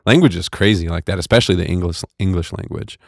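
A man's voice: deep voice, fast, gravelly, dry recording. A man co-hosting a casual podcast chat in a studio, easygoing and agreeable, laughing often. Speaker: podcast co-host.

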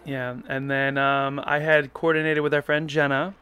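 A man with a smooth, resonant voice drifts through a story at an easy pace, full of ums and side remarks. He teases his partner now and then while speaking close to a podcast mic. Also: a little high, normal speed, dry recording. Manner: relaxed, rambling with fillers and teasing. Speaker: co-host telling shared memories. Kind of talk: casual chat. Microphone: podcast microphone.

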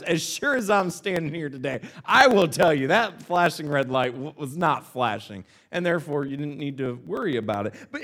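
A male pastor telling a self-deprecating story in a sermon, animated and acting out the lines, speaking in a church. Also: on the high side.

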